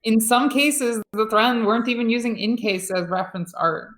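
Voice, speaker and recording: A woman's voice: fairly high pitch, moderate pace, fairly bright tone. Sarcastic-sounding woman at a game table. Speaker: player. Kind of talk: casual chat at a tabletop game.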